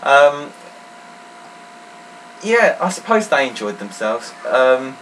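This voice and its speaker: A young man riffs through casual gameplay commentary, his voice swinging wildly in pitch as he jokes and swears in sudden outbursts. He sits well back from the mic, so he sounds distant, with a faint hiss underneath. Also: slow pace. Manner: joking, sweary, lively outbursts. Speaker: gaming channel host. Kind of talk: casual let's-play commentary. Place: room at home, recording while gaming.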